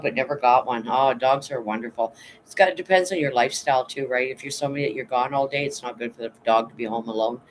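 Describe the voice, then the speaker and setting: A man's voice: medium pitch, slight background noise, rough recording. A tired man chatting casually on a livestream, rambling and blunt, swearing now and then while reading out chat. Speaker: vlogger reading live chat.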